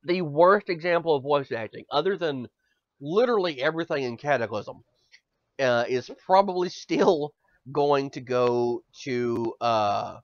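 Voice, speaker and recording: A man's voice: mid-range voice, unhurried, no echo. A male podcast host ranting in casual chat, swearing often and stammering over repeated words. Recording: dull dry lo-fi audio.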